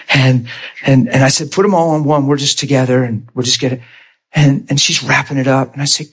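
A man preaching in a storytelling style, animated and often laughing as he acts out conversations. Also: mid-range voice, a little fast, slightly rough. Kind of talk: storytelling sermon.

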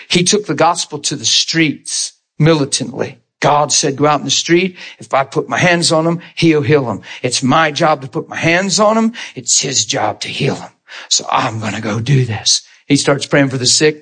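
A man preaching in a storytelling style, animated and often laughing as he acts out conversations. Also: on the high side. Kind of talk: storytelling sermon.

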